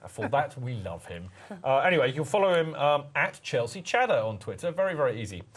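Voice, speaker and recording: Jokey rambling man, lively pitch. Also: fast. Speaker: podcast host. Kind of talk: casual podcast chat.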